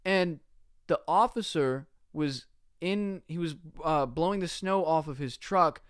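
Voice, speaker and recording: A man's voice: on the high side, measured pace, smooth, dry recording. A man guesting on a podcast, telling a story in a casual, slangy, laid-back way in a studio.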